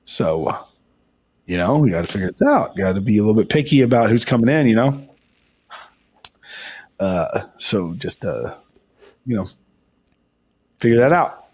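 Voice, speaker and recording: A man's voice: fairly low pitch, expressive, moderate pace, long pauses, darkish tone, slightly rough, voice pushed down. A man voicing God as a laid-back boss, drawling with lots of fillers. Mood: easygoing.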